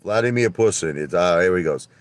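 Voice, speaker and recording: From his car, a man with a Brooklyn New York accent livestreams a fairly quick, casual rant with no echo. Animated and foul-mouthed, he moves from loud outbursts down to low muttering.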